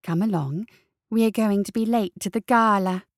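A woman voicing an unhinged adolescent girl who is a calm killer, speaking slowly, softly and offhandedly. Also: mid-range voice, dry recording, studio quality, close to an everyday voice. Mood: eerily calm.

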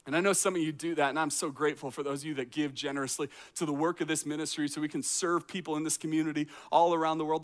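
A man, a teaching pastor, preaching a sermon in a conversational way, full of rhetorical questions and acted-out reactions. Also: on the high side. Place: outdoor courtyard.

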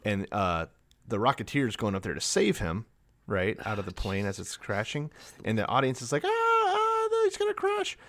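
A man's voice: on the low side, lively intonation, moderate pace, a bit bright. A man co-hosting a comedy podcast, chatting casually and sarcastically, now and then acting out characters. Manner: sarcastic, acts out characters in big voices. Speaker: podcast co-host.

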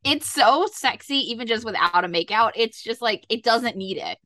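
A woman co-hosting a podcast, chatting casually and gushing excitedly about a TV episode. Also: fairly high pitch, normal speed, dry recording. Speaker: podcast co-host. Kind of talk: casual chat recapping a TV episode.

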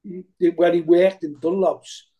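A man co-hosts the podcast and drifts into a rambling memory of his own. His voice is mellow and darker in tone, though pitched a little high. He speaks in an easy, casual way. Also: little pitch movement, measured pace. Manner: rambling reminiscence. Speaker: podcast co-host. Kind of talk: casual chat.

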